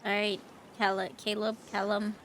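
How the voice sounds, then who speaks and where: A woman's voice: medium pitch, completely flat delivery, moderate pace, a bit bright, slight background noise. A woman casually joking and swearing while commentating a horror game. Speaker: gamer. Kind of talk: let's play commentary. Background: game music.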